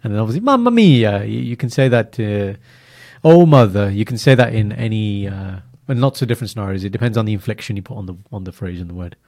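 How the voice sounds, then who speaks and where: A man co-hosting a podcast in casual, animated chat, laughing and using slang. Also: fairly low pitch, fast talker, few pauses. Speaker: podcast co-host.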